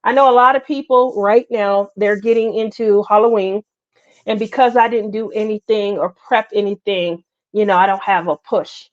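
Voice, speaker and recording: A woman's voice: medium pitch, steady tone, moderate pace. A middle-aged woman hosting a casual craft livestream, chatting with viewers by name and laughing often. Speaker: livestream host. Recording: slightly muffled livestream audio.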